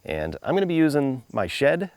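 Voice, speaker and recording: A man's voice: medium pitch, huge pitch swings, moderate pace, heavy background noise. A man hosting home repair videos, chatting casually and muttering in an exasperated, self-mocking way while he works outdoors.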